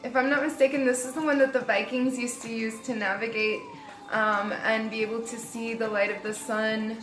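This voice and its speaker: A woman's voice: a little high, fairly even intonation, normal speed, fairly bright tone, roomy sound, slight background noise, poor audio. Chatty woman doing a tarot reading. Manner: chatty and rambling, laughs at herself. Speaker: tarot reader. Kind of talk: casual spoken tarot reading.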